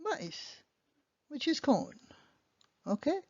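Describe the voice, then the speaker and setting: A woman with a slightly high, animated voice speaks a little slowly as she patiently teaches a beginner French lesson. She checks in often with "okay?", and the audio is dull, lo-fi, and dry.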